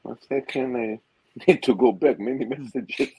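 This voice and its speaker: A man's voice: mid-range voice, moderate pace, darkish tone, rough recording. A man co-hosting a livestream, chatting casually and laughing along. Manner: amused, laughing, easygoing. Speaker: livestream co-host.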